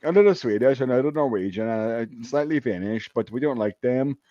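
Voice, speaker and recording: A man's voice: medium pitch, a little fast, mellow, dry recording, muffled recording. An American man hosting a casual chat, rambling with lots of fillers and some swearing. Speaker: podcast host.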